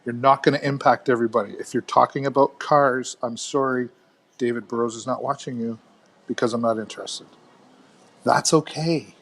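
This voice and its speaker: A man's voice: medium pitch, steady tone, moderate pace, fairly bright tone, a little hiss or hum. A man giving upbeat, breezy advice on a video call from a hotel lobby. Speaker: guest speaker. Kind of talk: casual live chat.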